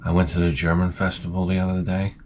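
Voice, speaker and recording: A man's voice: deep voice, completely flat delivery, fast, a little mellow, slight background noise. Hungover man rambling crudely. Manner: rambling, profane, crude humor. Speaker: vlogger. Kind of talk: casual comedic monologue.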